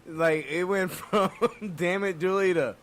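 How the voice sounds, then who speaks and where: A man who works as a chef, co-hosting a casual podcast, cracking dry jokes and then telling a calmer story of his own. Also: sits high, a little slow. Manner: dry joking interjections, quieter when narrating.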